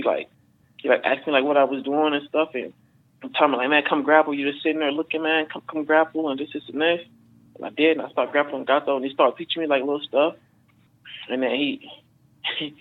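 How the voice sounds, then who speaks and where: A man being interviewed as a fighter, telling stories in a rambling, casual way with lots of fillers and swearing. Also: medium pitch. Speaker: MMA fighter guest. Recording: phone-like narrow band.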